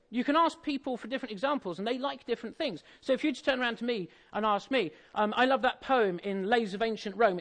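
A married man preaching an Easter sermon in a conversational, jokey way, often asking the audience questions. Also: sits high. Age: adult, married.

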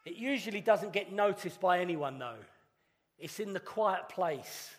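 A man's voice: high-pitched, animated. Earnest man preaching in a reverberant church. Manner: earnest, conversational with dramatic pauses. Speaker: pastor. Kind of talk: sermon. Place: church hall. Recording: long reverb of a church hall.

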